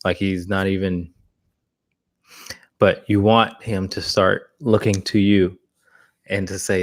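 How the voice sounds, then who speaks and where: A male dog trainer answers questions in a relaxed live session. His voice sits on the low side. He talks bluntly and conversationally, often restarting his sentences. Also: a little slow, long pauses. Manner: blunt, casual, frequent restarts. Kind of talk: live Q&A talk.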